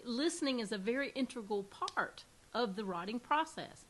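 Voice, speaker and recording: A woman's voice: on the high side, lively intonation, moderate pace. A woman from the American South with a Southern accent, hosting a casual interview and chatting with restarts and fillers. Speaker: podcast host and mystery author.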